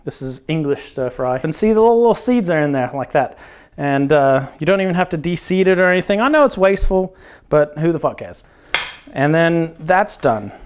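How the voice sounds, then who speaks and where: A man's voice: fairly high pitch, animated, brisk, clear, resonant tone. A young man hosting a comedic cooking show, talking through his chopping with crude jokes and swearing. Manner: crude, joking, instructional patter with swearing.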